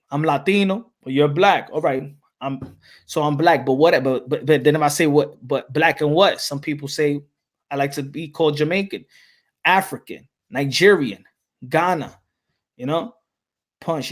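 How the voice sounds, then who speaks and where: Rambling New York man, higher voice. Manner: rambling, many restarts and "you know what I'm saying". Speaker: boxing channel host. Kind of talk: casual chat.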